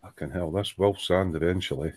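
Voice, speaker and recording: Low-voiced Scottish man joking at his bench. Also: brisk, a little mellow, breathy edge. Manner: banter, swearing, dry jokes while sanding. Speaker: hobby model maker hosting a live stream. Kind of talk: casual chat while working at the bench. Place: hobby workbench indoors.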